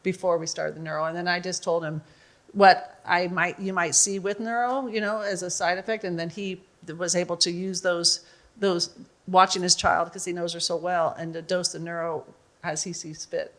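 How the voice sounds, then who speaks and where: Lady doctor on a panel, lowish voice, just explaining stuff as she thinks. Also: flat delivery, moderate pace. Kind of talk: casual panel talk.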